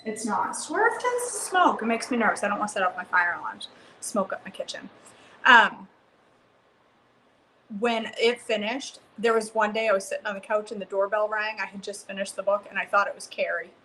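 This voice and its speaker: A woman hosting a live cooking stream from her home kitchen, chatting excitedly and answering viewers by name. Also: mid-range voice, a little fast, a little hiss or hum, poor audio. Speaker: cooking livestream host. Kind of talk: casual live cooking chat, reading comments.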